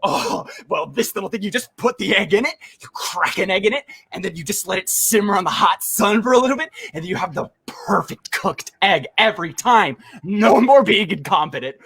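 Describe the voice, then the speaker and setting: A man playing a manic infomercial pitchman in a comedy sketch, switching between shouting and hushed hard-sell. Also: expressive, normal speed, gravelly, few pauses, husky, full character voice. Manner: hard-sell, swings loud and soft, whoops.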